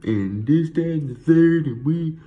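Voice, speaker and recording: A man voicing a sheepish male police officer, apologizing in a slow, drawn-out way. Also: a little high, animated, narrow, tinny audio, voice pushed up.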